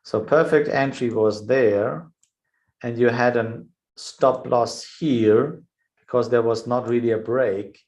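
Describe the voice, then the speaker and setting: A man's voice: mid-range voice, fairly even intonation, slow pace, a little mellow, low-quality recording. A man hosting a live trading webinar, thinking aloud over charts with frequent "yeah" fillers. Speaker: trading show host.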